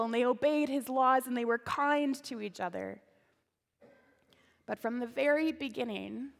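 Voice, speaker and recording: Woman pastor, expressive storyteller; higher, gravelly voice in a reverberant sanctuary. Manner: expressive storyteller, varied volume. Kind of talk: storytelling sermon. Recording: long church reverb.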